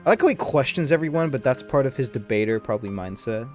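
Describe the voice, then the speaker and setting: A man's voice: medium pitch, animated, fast, a little mellow, soft background music. A man streaming a game live, reading its dialogue aloud and chatting between lines, easily sidetracked.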